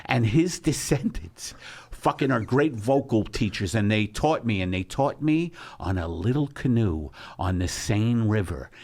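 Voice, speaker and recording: A man hosting a comedy podcast, ranting, swinging from low growling threats to loud indignant outbursts. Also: expressive, unhurried. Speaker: podcast host.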